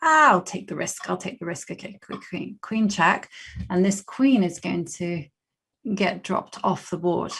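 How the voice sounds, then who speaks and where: A woman's voice: fairly low pitch, animated, measured pace, gravelly, fairly bright tone, slightly rough. A young adult woman with a West London English accent, chatting casually and laughing often while she plays chess on a live stream and thinks aloud. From England.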